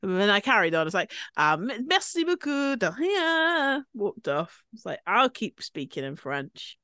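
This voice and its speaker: A playful woman co-hosting a podcast, laughing easily as she tells stories. Her pitch swings widely and brightly. The sound is dry and close. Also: normal speed, dry recording. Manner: giggly, playful, lively. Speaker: podcast co-host. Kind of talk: casual chat.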